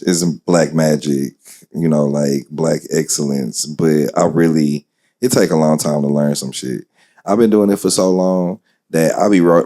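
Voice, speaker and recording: Deep, mellow-voiced Texan man, laid-back. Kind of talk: casual live feedback. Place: live poetry event venue.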